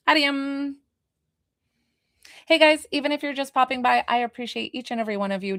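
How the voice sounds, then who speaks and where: A woman's voice: on the high side, vocal fry, no echo, studio quality. A woman working as a spiritual medium, giving a chatty, emotional reading on a live stream and laughing often.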